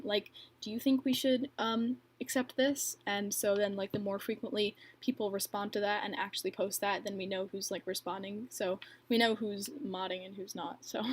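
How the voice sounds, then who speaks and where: A young woman hosting a casual livestream, reading viewer questions and answering in a chatty, filler-heavy way with frequent laughs. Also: medium pitch. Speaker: livestream host and bracelet maker.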